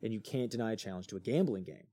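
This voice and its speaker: A young man on a podcast, retelling old myths in a loose, animated way, full of fillers and crude jokes. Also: on the low side, racing. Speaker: podcast co-host. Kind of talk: casual storytelling chat.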